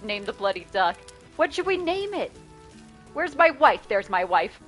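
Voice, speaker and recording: A woman's voice: fairly high pitch, sing-song, measured pace, fairly bright tone, soft background music. A woman streaming a video game, chatting casually, swearing and laughing often. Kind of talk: casual gameplay commentary.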